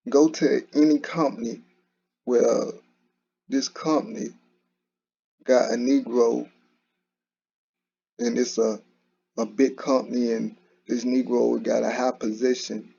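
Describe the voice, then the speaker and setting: A man's voice: mid-range voice, flat delivery, takes it slowly, vocal fry, pauses often, mellow, breathy edge. A man, talking in a casual, conversational monologue with frequent restarts and repeated "you know". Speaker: commentary channel host. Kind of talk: casual solo commentary. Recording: dull lo-fi recording.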